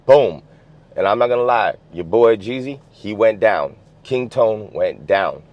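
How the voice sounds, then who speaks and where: A man's voice: lowish voice, expressive, measured pace. A man from the US West Coast telling a story in casual, streetwise slang, swearing freely and filling with "you know what I'm saying". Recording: dull lo-fi sound.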